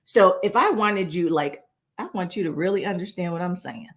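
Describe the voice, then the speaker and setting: A woman presenting a casual video lesson on speaking, talking in an animated, conversational way and often asking "right?". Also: lowish voice, moderate pace. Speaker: presentation coach. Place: indoor room, moving between standing and seated. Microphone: on-camera recording.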